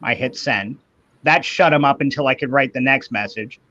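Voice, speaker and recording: A man's voice: medium pitch, moderate pace, pushed and bright. A man in his fifties hosts a casual livestream, swearing freely as he rants through a long story. His voice sits in an ordinary middle register. The audio comes through a little muffled and dull. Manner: profane, ranting storyteller. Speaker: livestream host. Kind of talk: casual chat. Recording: slightly muffled stream audio.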